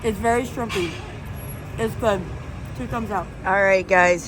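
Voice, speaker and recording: A woman's voice: mid-range voice, measured pace, pauses often. A woman vlogging casually to camera, chatting with enthusiasm about food and places while out and about. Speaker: travel vlogger. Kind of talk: casual vlog narration to camera. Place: outdoors and in cafes, on the move. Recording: background noise from street and traffic.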